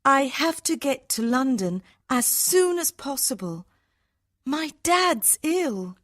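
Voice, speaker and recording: A man's voice: very high-pitched, big pitch swings, slow pace, fairly bright tone, pitched above the performer's own voice, heavily acted. A man reading a story aloud, voicing an anxious young woman traveller who pleads urgently.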